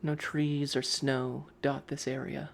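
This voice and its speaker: Slow, unhurried male game master. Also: mid-range voice, level tone, vocal fry. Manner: descriptive, second-person scene narration. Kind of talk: narrating a tabletop game. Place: live stream.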